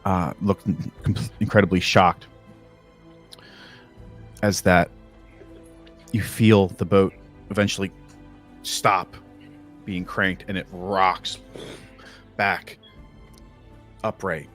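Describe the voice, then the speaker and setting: Rambling, low-voiced male game master. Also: flat delivery, slow pace, pauses often, a bit bright, soft background music. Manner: casual, rambling description with many likes and uhs. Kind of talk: narrating a tabletop game.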